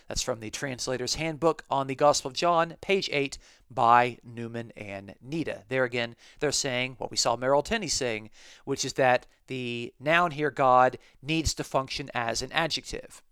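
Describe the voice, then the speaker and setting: A man's voice: mid-range voice, normal speed, a bit bright, clean tone, no echo, clean studio sound. A man hosting a podcast, teaching a scripture study in a methodical, explanatory way and repeating key phrases. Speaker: podcast host and Bible teacher.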